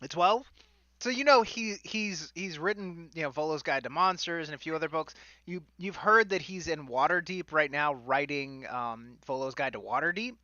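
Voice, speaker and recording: Bright-voiced man running a tabletop game. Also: fairly high pitch, normal speed, dry recording, lo-fi sound. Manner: hesitant, with many fillers. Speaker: game master.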